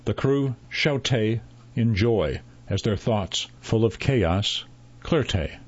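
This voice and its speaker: A man reading a story aloud in a measured, unhurried narration, voicing the characters' dialogue. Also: lowish voice, animated, slightly rough, muffled recording.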